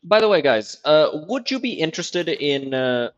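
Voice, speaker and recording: A man giving loose, profane commentary while streaming a video game, thinking out loud as he plays. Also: fairly high pitch, very animated, normal speed, highs cut off, faint music behind. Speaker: gaming streamer. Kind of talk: casual gameplay commentary.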